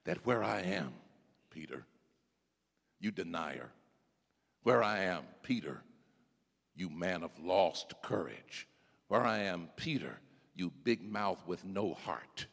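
A man preaching, voicing Jesus as a gentle grown man who speaks slowly and tenderly, in an echoey church. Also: high-pitched, sing-song, pitched above the performer's own voice, heavily acted. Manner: soft, slow, tender reassurance.

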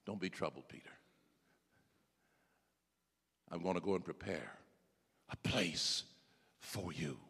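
A man preaching, voicing Jesus as a gentle grown man who speaks slowly and tenderly, in an echoey church. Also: sits high, big pitch swings, voice pushed up, heavily acted. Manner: soft, slow, tender reassurance.

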